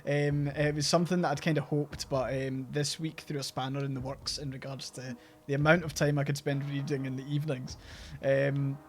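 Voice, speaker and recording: A young Scottish man hosting a game stream, chatting casually and halting with many restarts. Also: medium pitch, level tone, a little hiss or hum. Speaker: streamer host. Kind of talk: casual chat while gaming.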